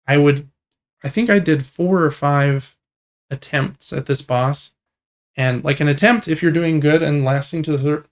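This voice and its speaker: A young man with a gravelly edge to his voice, pitched in the ordinary middle, co-hosting a casual games podcast. He rambles happily, circling back with filler words, and lights up when a favorite game comes up. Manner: relaxed, rambling, enthusiastic about games. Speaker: podcast co-host. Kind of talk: casual gaming podcast chat.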